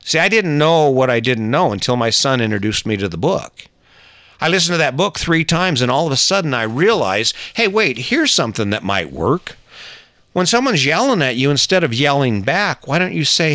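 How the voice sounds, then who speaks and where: Bright-toned middle-aged man giving relationship advice. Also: medium pitch, very animated, normal speed, dry recording, clean studio sound. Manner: earnest, conversational, with frequent restarts and asides. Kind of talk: personal storytelling and advice monologue.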